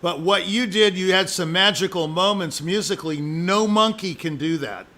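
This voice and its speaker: A man's voice: high voice, normal speed, sharp tone. A man giving a musician live spoken feedback as an audition judge, emphatic and jokey, repeating his points.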